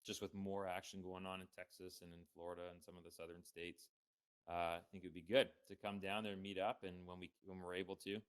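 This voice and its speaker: A man hosting a casual podcast interview, asking loose, relaxed questions with plenty of fillers. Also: sits low, smooth. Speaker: podcast host.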